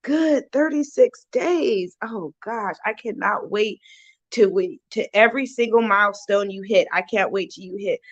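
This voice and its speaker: A woman's voice: mid-range voice, moderate pace, a bit bright, no echo, lo-fi sound. A woman hosting her recovery channel in a casual livestream chat, earnest and heartfelt, often restarting her sentences.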